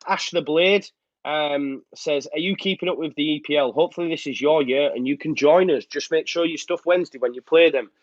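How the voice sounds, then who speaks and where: A man's voice: a little high, a little fast, no room sound. Male live-show host, casual rambling chatter, slightly lo-fi dry recording. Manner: chatty and rambling, with many filler ums. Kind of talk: casual live-stream chat reading out viewer comments. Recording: slightly muffled dry sound.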